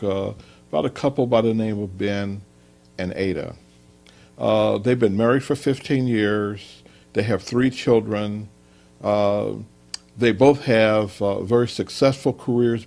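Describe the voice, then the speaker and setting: A man co-presenting a relationship workshop who tells an example story in a conversational way with frequent pauses. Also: lowish voice, a little mellow. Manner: conversational, many filler pauses. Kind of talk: storytelling lecture.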